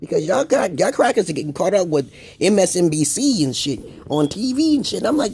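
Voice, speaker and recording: A man with a gravelly, husky voice rants in a rambling, profane monologue. His pitch swings widely, from low grumbles up to sharp, high exclamations. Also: big pitch swings, a little fast. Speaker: video blogger. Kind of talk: casual ranting monologue.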